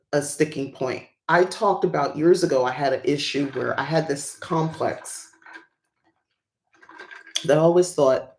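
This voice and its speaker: A chatty livestream host who rambles through casual talk with plenty of fillers and small laughs. The voice sits at a middling pitch with a gravelly, creaky edge, and the room gives it a noticeable echo. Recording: roomy echo.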